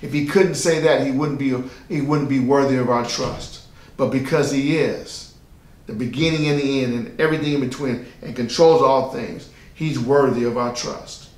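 A man's voice: mid-range voice, fairly even intonation, normal speed, a little mellow, echoey room. A man preaching a sermon as pastor, emphatic and repetitive, asking the listeners rhetorical questions.

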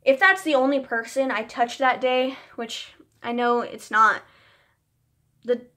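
A woman's voice: fairly high pitch, pushed and bright. A young woman vlogging casually, telling a personal story in a chatty, emotional way with lots of "like" fillers.

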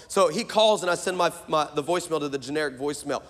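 A man preaching a sermon as a pastor, telling a comic story in an animated, fast way with excited shouted bursts. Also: high-pitched, in a large hall.

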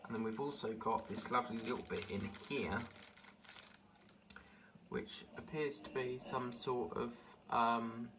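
A man's voice: medium pitch, steady tone, measured pace. Chatty man, distant noisy recording. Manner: chatty, rambling, easily delighted. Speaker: model-building vlogger. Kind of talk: casual unboxing commentary. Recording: distant mic with clear background noise.

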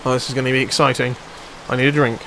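A young man giving live commentary over his own gameplay, chatty and excitable, swearing and shouting at the players on screen. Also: medium pitch, fast talker, gravelly, a little hiss or hum. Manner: excitable, swears and yells at the game. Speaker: let's play commentator.

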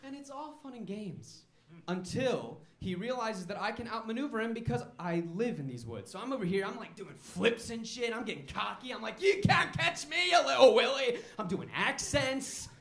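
A man's voice: high-pitched, big pitch swings, normal speed, a bit bright, roomy sound. A man doing a stand-up comedy set on a comedy club stage, telling wry, self-mocking stories.

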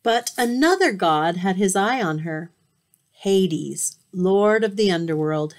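A woman reads a myth aloud in a storybook manner, her voice sitting a little low. She is expressive and now and then trips over a word and restarts. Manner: expressive, occasional slips and restarts. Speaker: teacher reading aloud.

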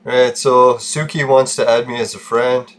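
Vlogger man, middle pitch, frustrated and sweary, venting to viewers in casual talk. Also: flat delivery, a little slow, a bit bright. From Canada. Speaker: gaming channel host. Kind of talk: casual vlog rant.

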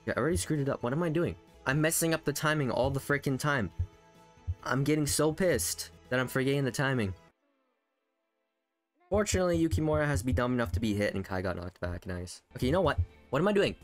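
A man's voice: medium pitch, expressive, fast talker, faint music behind. Frustrated young man ranting over a game. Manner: angry ranting, swings from muttering to shouting. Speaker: gaming streamer. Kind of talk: frustrated live gameplay commentary.

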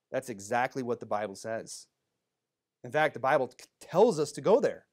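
A man's voice: mid-range voice, big pitch swings, moderate pace, pauses often, darkish tone. A male pastor preaching a sermon, talking plainly to the congregation and raising his voice for Bible readings.

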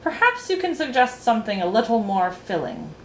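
A woman voicing a loud, boastful male bug who roars and bounces about. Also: a little high, fairly quick, a little hiss or hum. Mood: blustery. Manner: roaring, bouncy, excitable. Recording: roomy echo, faint ambience.

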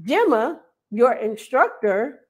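A woman's voice: fairly high pitch, big pitch swings, slow pace, husky. A woman from North Carolina hosting a casual live stream, reading out viewers' names and laughing often as she welcomes them. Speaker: host of an online hair school livestream.

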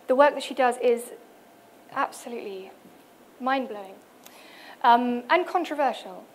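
A woman's voice: a little high, unhurried, slight background noise. A woman presenting at a cultural event, speaking with many fillers and restarts as she introduces other artists. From United Kingdom. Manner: hesitant, many fillers, reads out quotes. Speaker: conference speaker. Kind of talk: presentation talk. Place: event hall.

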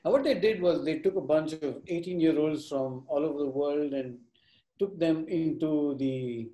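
A man's voice: a little high, normal speed, mellow, echoey room, rough recording. A man telling a fable to a live audience at a workshop. He acts out the characters in voices and quizzes the listeners as he goes. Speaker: workshop speaker. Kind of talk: storytelling to a live group.

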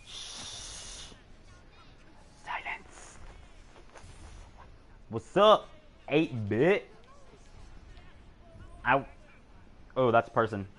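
A teenage guy live-streaming a game and reacting out loud. His excitable, swearing, joking commentary swings widely in pitch. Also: extremely slow, pauses often. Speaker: gamer streamer.

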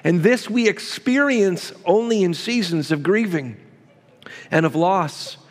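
A male pastor preaching a sermon, with emphatic repetition and quick asides to the congregation. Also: sits high, expressive, in a large hall.

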